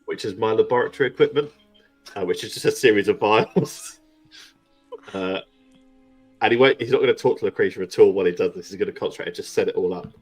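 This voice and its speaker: Man, tabletop player, casual chat, low voice, faint music. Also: brisk, pauses often, breathy edge. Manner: chatty, laughing asides.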